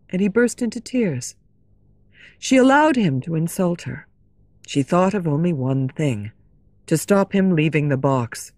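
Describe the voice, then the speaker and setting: Woman narrator, low pitch, lively melody, slow and careful, dry studio sound. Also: dry recording. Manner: slow, clear, expressive storytelling. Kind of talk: scripted story narration for English learners.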